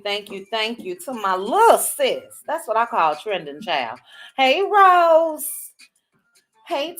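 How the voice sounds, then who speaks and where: A woman hosting a livestream, greeting viewers by name in a casual chat with drawn-out, chatty greetings. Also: fairly high pitch, fairly bright tone. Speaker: livestream host.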